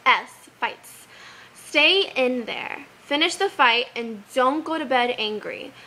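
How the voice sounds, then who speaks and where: A young woman giving earnest advice in a casual vlog, animated and sincere, quoting scripture now and then. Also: sits high, takes it slowly, low-quality recording. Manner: earnest, animated, quotes Bible verses.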